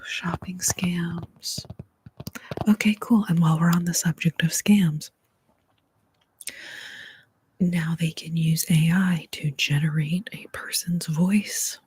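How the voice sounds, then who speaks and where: A woman hosting an ASMR stream in a breathy whisper, chatting in a rambling way that sometimes fades to almost nothing. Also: fairly low pitch, steady tone, measured pace, a little mellow, slight background noise. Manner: rambling, chatty, drops to near-inaudible whispers. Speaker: ASMR host.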